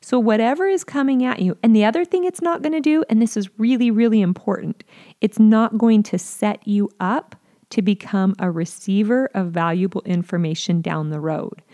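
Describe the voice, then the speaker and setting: Woman giving a parenting lesson, earnest and steady, mid-range voice, acts out little parent lines. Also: mid-range voice, normal speed. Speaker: parenting educator. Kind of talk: teaching talk to parents.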